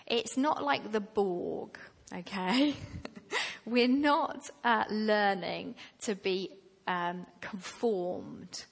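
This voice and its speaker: A woman preaching a sermon to her church, slow and deliberate, rising to emphatic passages. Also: medium pitch, creaky, breathy edge. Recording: long reverb of a hall.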